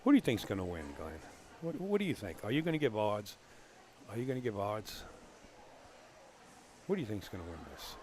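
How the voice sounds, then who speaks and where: A lowish-voiced man with a thick Bronx New York accent calls a pool match live, teasing his co-workers in between the shots. He sits alone in a small commentary room, with a faint hum of the venue around him. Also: very animated, a little fast, pauses often, darkish tone. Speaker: billiards commentator.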